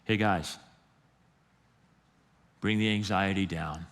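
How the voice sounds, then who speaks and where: Man playing a soft-spoken gentle teacher, low and steady, long echo of a church hall. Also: slow pace. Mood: reassuring. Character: calm, reassuring male teacher, gentle and steady.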